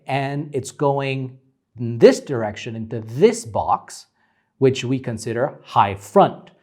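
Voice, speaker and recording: Slow, patient man teaching phonetics. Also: mid-range voice, a little mellow. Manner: slow, patient, many ums and uhs. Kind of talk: lecture explaining vowel charts.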